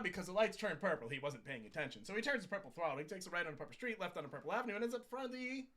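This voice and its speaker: A man on a stream telling a long, rambling joke in an animated, playful way, correcting himself as he goes. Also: high-pitched. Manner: animated, repetitive, playful, with quick self-corrections. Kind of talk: rambling shaggy-dog joke storytelling.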